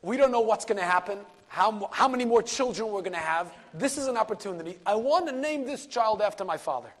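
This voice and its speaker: Rabbi, lively storyteller, somewhat high voice, hushes for the punchline. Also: male voice, fairly quick. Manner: animated storyteller, sprinkles Yiddish and Hebrew words, drops to a hush for key moments. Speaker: rabbi and lecturer. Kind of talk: storytelling Torah class.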